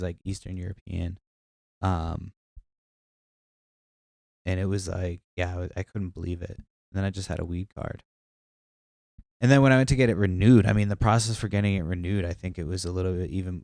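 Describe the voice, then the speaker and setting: Gravelly deep-voiced man rambling casually. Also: a little mellow, no room sound, clean studio sound. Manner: profane, meandering storytelling with many fillers. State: stuffy nose. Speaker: podcast host.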